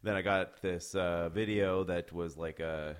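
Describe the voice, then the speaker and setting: A man with an extremely deep voice, speaking as a guest in a casual interview. He rambles through his stories, halting with fillers along the way. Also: steady tone, clear, resonant tone. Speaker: musician guest.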